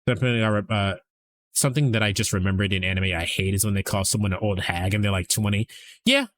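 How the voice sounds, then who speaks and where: A man's voice: on the low side, fairly even intonation, fast, a bit bright, no room sound. Casual, profane man chatting on stream. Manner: rambling, profane, conversational. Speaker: streamer host.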